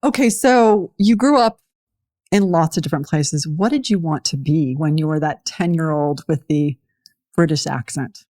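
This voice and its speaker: A woman's voice: low voice, warm tone, dry recording, clean studio sound. Polished podcast host woman. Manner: polished, measured delivery. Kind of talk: scripted podcast intro and interview.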